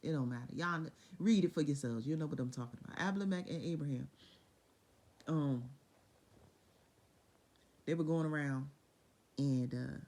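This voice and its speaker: A woman's voice: low voice, moderate pace, pauses often, darkish tone. A young woman casually retelling Bible stories with lots of profanity, laughter and voiced quotes.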